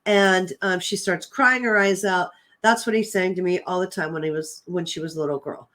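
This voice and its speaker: A woman hosting her own talk show tells a personal story in a relaxed, chatty way, in a somewhat low voice. She keeps acting out little bits of dialogue and fills gaps with "um". She comes across as earnest and a bit emotional. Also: normal speed. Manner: chatty, retells dialogue with "I'm like" and frequent "um". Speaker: host and psychic medium.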